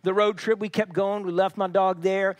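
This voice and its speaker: A man's voice: high voice, flat delivery, moderate pace, no echo. A man preaching a sermon as pastor, telling stories in a conversational way with frequent restarts. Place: church.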